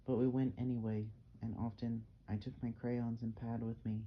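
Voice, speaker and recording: A man's voice: mid-range voice, flat delivery, moderate pace. A man reading a novel aloud as an amateur audiobook, plain and unpolished with small slips and restarts. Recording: dull lo-fi, faint hiss.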